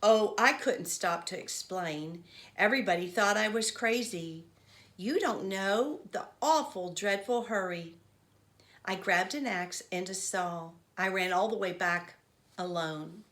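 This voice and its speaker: A woman's voice: mid-range voice, a little slow, lightly acted. A woman reading as an earnest old village man. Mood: intent. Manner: earnest storytelling, rising to loud cries. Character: old village man, grief-struck, recounting childhood. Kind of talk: children's novel read aloud.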